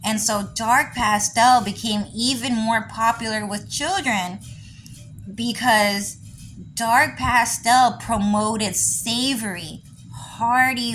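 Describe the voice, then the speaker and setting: A woman's voice: fairly high pitch, a bit bright, slight background noise, poor audio. A woman, rambling through a casual monologue for her diary vlog, full of "you know" and "like.". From California. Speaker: diary vlogger.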